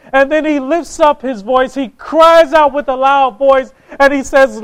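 A man's voice: very high voice, steady tone, moderate pace, few pauses, fairly bright tone, rough recording. A man preaching a sermon, impassioned, reading scripture aloud and repeating phrases for emphasis.

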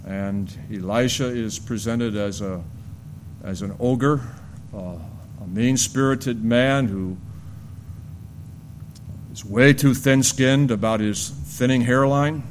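Guy preaching a sermon in church, earnest, gets lively telling the story then goes quiet and grave, mid pitch, faint rumble behind. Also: slow pace, long pauses. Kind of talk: expository sermon.

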